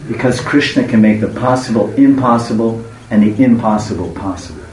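A man's voice: fairly low pitch, moderate pace, crowd noise. Male religious storyteller, rambling, restarts, roomy echo, distant mic. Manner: rambling, many restarts, stops to explain words. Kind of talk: devotional storytelling talk. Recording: echoey room, far from the mic, faint hiss.

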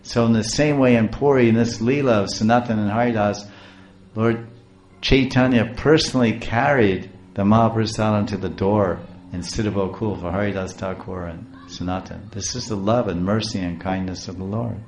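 A man preaching a devotional story, halting and repeating words as he goes. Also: lowish voice, fairly even intonation, a little mellow, slight background noise. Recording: roomy echo.

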